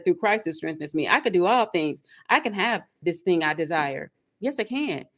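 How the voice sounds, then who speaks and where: Emphatic woman preaching motivational self-talk. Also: medium pitch. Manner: preachy, emphatic, repetitive, speaks in affirmations. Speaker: tarot reader.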